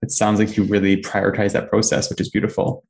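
Soft-spoken guy host, low and flat, kinda fry in it. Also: fast. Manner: gentle, affirming. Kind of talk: interview chat.

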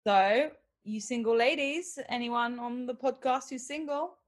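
A woman hosts a casual podcast chat, quizzing and teasing her guests. Her voice sits a little high, and her delivery is animated. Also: a little slow. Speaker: podcast host.

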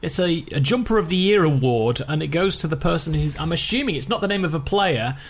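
Animated male podcast host reading emails. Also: fairly high pitch, brisk. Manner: animated, laughs mid-reading. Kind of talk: casual chat, reading listener emails.

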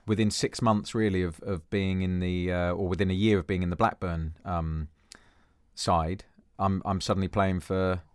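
A man's voice: low-pitched, flat delivery, moderate pace, clear, resonant tone, dry recording. A man in his fifties from Jersey, a former footballer being interviewed, talking thoughtfully with restarts and dry self-deprecating humour. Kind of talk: reflective conversational interview.

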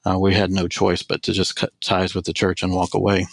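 A man in his forties, a spiritual director, telling a personal story as a podcast guest in an earnest, measured way. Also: deep voice, completely flat delivery, creaky, no room sound. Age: 40s.

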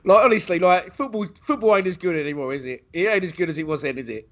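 Fast-talking matey male host. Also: high voice. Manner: quick, matey, swears. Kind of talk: casual chat.

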